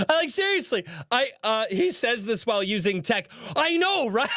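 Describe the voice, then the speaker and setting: A man chatting on a live stream, his voice swinging up and down in pitch as he reads comments out. He laughs often, swears freely, and mocks the comments with open amusement. The sound is dry and close, with no room around it. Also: animated, normal speed, pushed and bright, dry recording. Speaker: streamer reading viewer comments. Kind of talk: casual live-stream chat.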